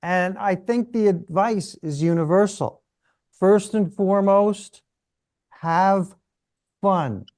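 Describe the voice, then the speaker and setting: A man's voice: high-pitched, takes it slowly, darkish tone. A man hosting a podcast, speaking in a sincere, encouraging way to his guest. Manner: encouraging, sincere sign-offs. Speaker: podcast host. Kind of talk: podcast interview.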